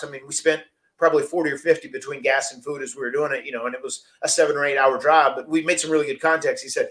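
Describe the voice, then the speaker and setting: Podcast host, man, rambling casual storyteller, mid pitch. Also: steady tone, fast talker, a bit bright. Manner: chatty, rambling, laughs often.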